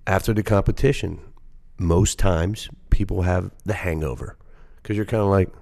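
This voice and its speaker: A man's voice: low voice, moderate pace, gravelly, a little mellow. A man co-hosting a casual podcast, mostly chiming in with short agreements and adding brief points. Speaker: podcast co-host.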